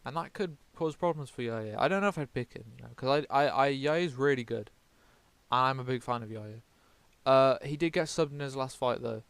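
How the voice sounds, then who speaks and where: A man from the UK talks through his picks in a loose, rambling way, dropping swear words and backtracking mid-sentence. His voice is smooth and clear. The sound is dry, with no room echo. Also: mid-range voice, moderate pace. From United Kingdom. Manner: rambling, swears often, self-correcting. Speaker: MMA vlogger. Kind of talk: casual fight predictions.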